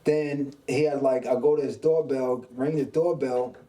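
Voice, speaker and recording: A man from Brooklyn, hosting a podcast and telling a story in a casual, animated way, acting out the people in it. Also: mid-range voice, moderate pace, recorded from a distance, poor audio. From Brooklyn, New York. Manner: animated, acts out quoted dialogue. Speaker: podcast host.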